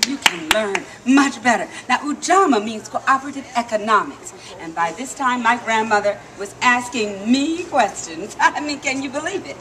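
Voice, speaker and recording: A woman telling a story live to an audience, lively and coaxing the crowd to call back. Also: a little high, moderate pace, few pauses. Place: outdoor theme park stage. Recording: noisy live outdoor recording.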